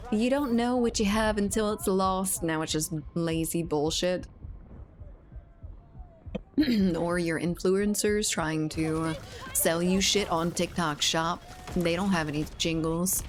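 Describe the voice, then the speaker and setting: A woman's voice: on the low side, slow, faint music behind. A young woman streamer chatting casually and profanely during a gaming livestream, reading chat aloud.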